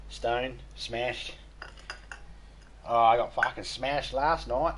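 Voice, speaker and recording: A man's voice: medium pitch, steady tone, takes it slowly, pauses often, a bit bright, poor audio. A young man hosting a live game stream, chatting casually with crude, playful jokes. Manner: crude joking, playful, breaks into voices and laughter.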